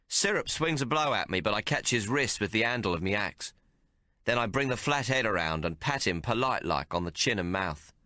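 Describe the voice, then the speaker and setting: A man narrates an audiobook in the first person, keeping to rough, colloquial frontier dialect. His low voice is bright and lively in pitch, and the recording is dry and close. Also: no room sound.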